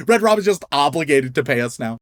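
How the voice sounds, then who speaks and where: Lively high-voiced young man. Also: fast, no room sound, studio quality. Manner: laughing, rambling and stumbling through names. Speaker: podcast co-host. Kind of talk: casual chat, reading patron names.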